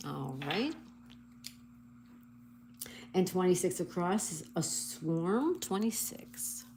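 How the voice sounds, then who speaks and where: A woman hosting a casual livestream, reading viewer comments and slowly spelling out crossword answers letter by letter. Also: lowish voice, big pitch swings, a little mellow, a little hiss or hum. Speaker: livestream host.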